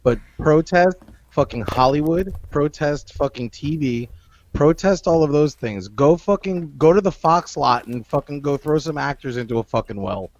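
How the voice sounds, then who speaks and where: A man's voice: on the high side, lively intonation, moderate pace, a little mellow. A man in casual chat, ranting bluntly and swearing constantly. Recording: dull lo-fi sound.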